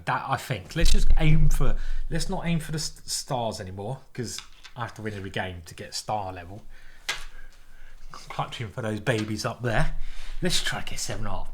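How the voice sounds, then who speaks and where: A man commentating his own online chess games, excitable and thinking aloud as he plays. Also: mid-range voice, slight background noise. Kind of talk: live game commentary.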